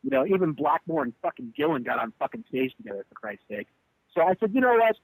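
In a fairly high voice at a quick pace, a man tells a candid interview story from tour. The band leader animatedly and profanely recounts a bandmate walking out on a show, performing the quotes. The recording is dry and low quality.

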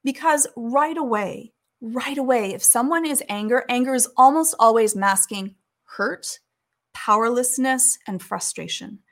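A woman giving calm, earnest advice in a conversation, acting out the things people say to each other. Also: fairly high pitch, a little slow. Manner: calm, earnest, acts out quoted speech.

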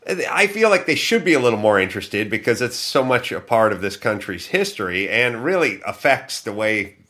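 A man's voice: fairly low pitch, big pitch swings, normal speed, bright, forceful tone. A man hosting a casual comedy podcast, ranting sarcastically with plenty of swearing. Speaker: podcast host.

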